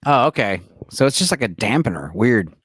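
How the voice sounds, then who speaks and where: A man's voice: medium pitch, sing-song, brisk, a bit bright, slightly rough, no room sound. A man hosting a podcast, chatting casually and profanely while explaining a movie to his co-hosts. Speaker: podcast host. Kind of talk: casual movie commentary chat.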